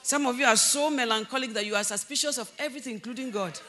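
A woman preaching a sermon in a church, animated, breaking into loud emphasis and laughter as she acts out conversations. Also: high voice, rapid-fire, noisy background.

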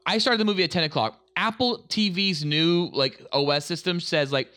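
A man co-hosting a casual podcast, excitable and rambling, swearing often. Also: a little high, moderate pace, clean tone. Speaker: podcast co-host.

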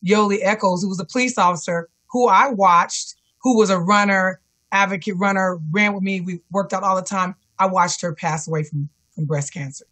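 A woman's voice: mid-range voice, fairly even intonation, normal speed, fairly bright tone. A woman guest on a remote call telling an interviewer her personal story earnestly, often repeating encouraging self-talk. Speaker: guest, cancer survivor and fitness instructor. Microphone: remote call connection.

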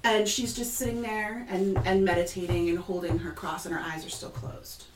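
A woman's voice: fairly low pitch, flat delivery, moderate pace, roomy sound, noisy background. A woman narrating a tabletop game as game master, describing scenes at length with loose fillers.

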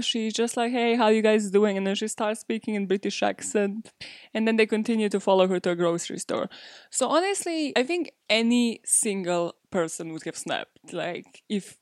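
A woman's voice: medium pitch, no echo. Young woman, podcast host, casual storytelling, chatty filler words, mid-range voice, close dry recording. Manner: chatty, heavy use of "like" and "literally".

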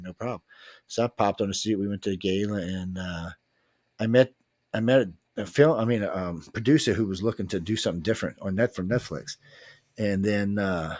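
A man with a New Orleans accent hosts a casual chat show, spinning long, meandering stories with plenty of cursing and easy chuckles. His voice sits fairly low, and the recording is close and dry with no room sound. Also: a little mellow, dry recording. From New Orleans, USA. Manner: loose, rambling, swears freely, chuckles between lines.

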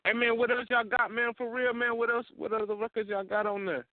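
A man's voice: very high-pitched, flat delivery, a little fast, slight background noise. A man calling in to a radio show, hyped and saying "man" every few words. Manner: hyped, says "man" constantly. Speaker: caller. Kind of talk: casual phone call to a radio show. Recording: tinny phone line.

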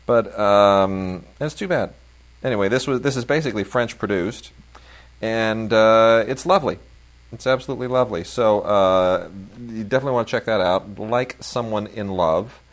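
A man with a fairly low voice co-hosts a casual film podcast. He rambles with enthusiasm, piling on fillers and restarts as he praises each release. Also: normal speed. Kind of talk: casual chat about new film releases.

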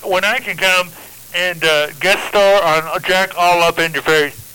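A man's voice: sits high, steady tone, measured pace, sharp tone, a little hiss or hum, poor audio. A man doing a goofy stammering caller voice. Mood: eager.

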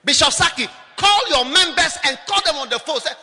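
A man preaching a lively, mocking, humorous sermon, often mimicking people. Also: extremely high pitch, brisk, in a large hall.

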